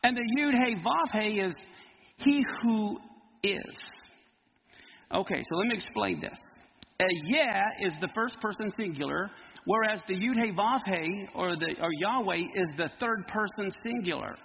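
A man preaching a Bible teaching sermon, lively and emphatic as he explains Hebrew words. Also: high-pitched, a little slow, gravelly, in a large hall, highs cut off, a little hiss or hum.

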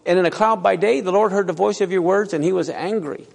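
A man preaches a sermon in a hall with long reverb, reading scripture aloud and asking his listeners questions. His voice is high-pitched and fast, with vocal fry and a darkish tone.

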